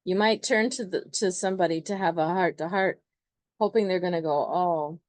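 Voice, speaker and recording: Low-voiced woman explaining astrology casually. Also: brisk, dry recording. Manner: chatty, loose, filler-heavy.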